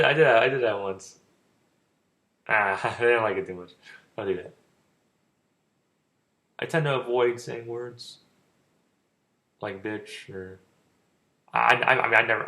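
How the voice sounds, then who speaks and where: A young man talks in a loose, rambling way, and his speech stalls and repeats with a stutter. His voice is gravelly with plenty of fry. He sounds informal and offhand, like a casual vlogger giving advice. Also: on the low side, normal speed, pauses often, bright, forceful tone.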